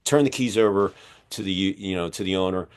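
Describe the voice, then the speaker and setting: A man hosting a podcast interview, talking in a rambling, energetic way with many fillers, his voice going hoarse as he keeps clearing his throat. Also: deep voice, brisk. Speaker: podcast host and magazine publisher. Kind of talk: casual interview chat.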